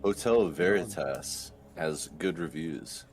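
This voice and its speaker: A man's voice: deep voice, takes it slowly, soft background music. A man playing in a tabletop game, chatting offhandedly. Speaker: player. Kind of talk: casual game chat.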